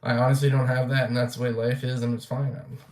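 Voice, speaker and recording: A man's voice: mid-range voice, level tone, fast, a little mellow. Young man, casual vlog rant, blunt and profane, loose rambling delivery, roomy echo. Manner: rambling, blunt, swears freely, many fillers. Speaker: vlogger.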